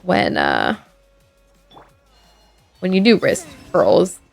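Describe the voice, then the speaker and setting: A woman's voice: on the low side, huge pitch swings, extremely slow, gravelly. A woman streaming a game, chatting casually and sleepily, rambling with fillers and restarts. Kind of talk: casual gameplay chat. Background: faint game music.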